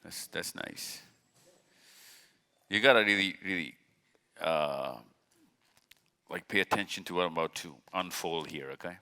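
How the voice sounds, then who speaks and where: Speaking from a stage in a large hall under stage lights, a man gives a casual, chatty talk to a live audience, joking and questioning people in the crowd directly. His voice sits low and sounds sharp and clean, at a moderate pace with frequent pauses. The recording has a long hall reverb.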